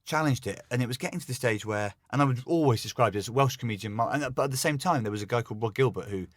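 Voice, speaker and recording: A man's voice: medium pitch, no echo, studio quality. A man, a comedian guest, telling a self-deprecating anecdote in casual chat. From England. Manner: rapid, self-deprecating storytelling.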